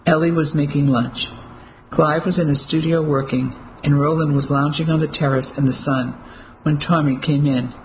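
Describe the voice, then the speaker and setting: An audiobook narrator reading a novel in a measured, steady way. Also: mid-range voice, slight background noise, low-quality recording. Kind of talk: scripted narration.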